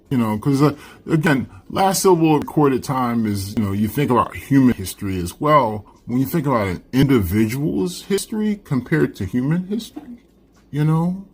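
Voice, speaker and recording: A man's voice: mid-range voice, breathy edge. A male teacher giving a casual classroom literature lecture, talking things through and checking in with "right?" after nearly every point. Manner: conversational, keeps asking "right?".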